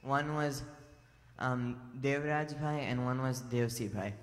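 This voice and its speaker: A man with a mid-range voice speaks slowly, telling a spiritual story to an assembly in a large temple hall. His delivery is casual and full of fillers and restarts, and the recording carries a long hall reverb.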